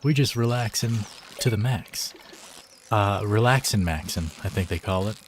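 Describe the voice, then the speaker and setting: A man's voice: fairly low pitch, moderate pace, a little hiss or hum. Laid-back joking male streamer. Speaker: game streamer. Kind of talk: casual live-stream chat.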